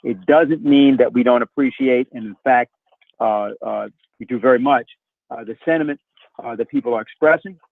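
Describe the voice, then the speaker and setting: A man moderating a conference call, making casual announcements in a halting way with many fillers. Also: medium pitch, no room sound. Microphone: telephone. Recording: narrow phone line.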